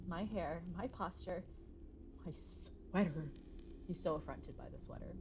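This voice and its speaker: A young woman reading a visual novel aloud on a stream, cutting in with joking, swearing asides, heard over a dull, noisy home mic. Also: on the low side. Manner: joking, swearing asides between read lines. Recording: dull lo-fi mic with background noise.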